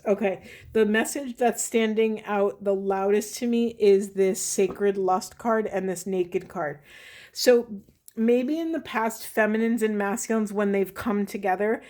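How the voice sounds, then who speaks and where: This tarot card reader has a mid-range, darkish-toned female voice. She ponders the cards' spiritual messages aloud, often breaking off to begin her sentences again.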